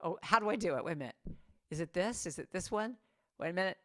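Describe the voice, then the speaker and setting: A middle-aged woman giving a spiritual talk to a congregation over a video call, animated and playful, acting out the quotes she tells. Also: on the low side, quick pace. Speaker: guest speaker and singer.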